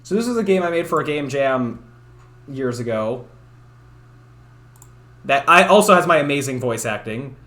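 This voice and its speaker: A man's voice: medium pitch, animated, normal speed, pauses often. A man streaming late at night, chatting casually and self-deprecatingly with many fillers, keeping his voice down. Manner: talks quietly at night. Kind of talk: casual livestream chat.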